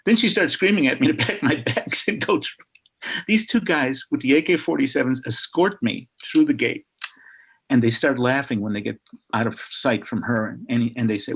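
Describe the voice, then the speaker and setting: A man, a writer speaking as a guest, telling a lively anecdote on a video call and acting out the people in it. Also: medium pitch, normal speed, husky. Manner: lively, acts out the people in his story. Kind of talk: anecdotal storytelling.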